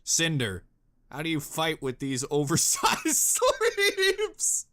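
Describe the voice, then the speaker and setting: Male reaction host, bright, leisurely, goofy and exclamatory. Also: a little high, wildly swooping pitch, slow. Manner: goofy, exclamatory, jumps between mutters and yells. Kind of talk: casual reaction commentary.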